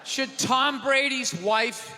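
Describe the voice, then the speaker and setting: Brief: high-voiced male stand-up comic, loud exasperated rants, live theater with crowd noise and long reverb. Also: takes it slowly, soft background music. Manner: loud, ranting, exasperated delivery. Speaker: stand-up comedian. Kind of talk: stand-up comedy set. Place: theater stage before a live audience.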